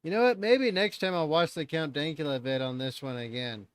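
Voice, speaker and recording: A man's voice: on the high side, fairly quick, clear, resonant tone, dry recording. A man hosting a live stream, reacting in loose, chatty talk and swearing freely.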